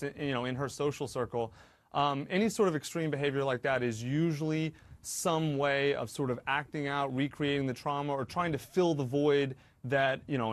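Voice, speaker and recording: A man co-hosting a talk show, speaking earnestly and hedging with fillers. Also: medium pitch. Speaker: co-host.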